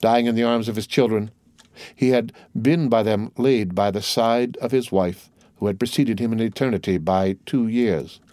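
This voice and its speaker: A man narrating a classic novel in a measured, steady reading. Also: fairly low pitch, dry recording, clean studio sound. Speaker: audiobook narrator. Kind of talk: scripted narration.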